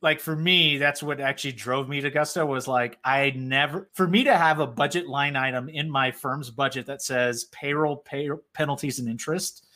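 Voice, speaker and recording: A man's voice: medium pitch, normal speed, few pauses, bright, forceful tone. A man in a casual business conversation, talking loosely about accounting work with lots of "like" and "right?" fillers. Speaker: payroll software company representative.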